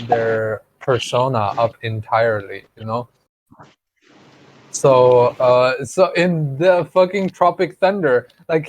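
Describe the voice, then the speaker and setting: A man's voice: a little high, rough recording. A man co-hosting a podcast, rambling in casual chat, swearing freely and laughing often. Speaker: podcast co-host.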